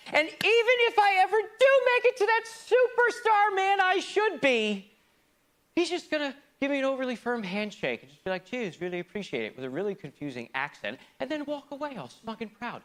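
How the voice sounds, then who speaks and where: Lively, bright-voiced man performing a monologue. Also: extremely high pitch. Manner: swings between loud outbursts and hushed asides. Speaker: stage performer. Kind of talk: theatrical comic monologue.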